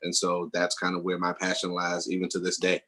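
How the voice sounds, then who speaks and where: A man speaking as a guest mentor on a video call, earnest and warm in his laughter, often restarting his phrases. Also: low voice, monotone, a little fast. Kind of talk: casual video call conversation.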